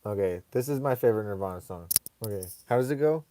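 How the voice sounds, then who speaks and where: A man's voice: lowish voice, animated, fast talker, dark tone, a little hiss or hum. A man hosting a casual live stream, rambling in a laid-back way and reading viewer comments aloud.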